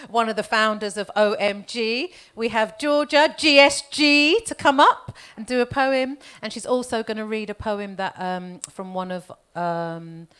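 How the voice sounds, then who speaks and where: A woman's voice: on the high side, slow, fairly bright tone, clear, resonant tone. A woman hosting a community poetry showcase, chatty and laughing often as she brings readers up. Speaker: event host. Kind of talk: live event compering.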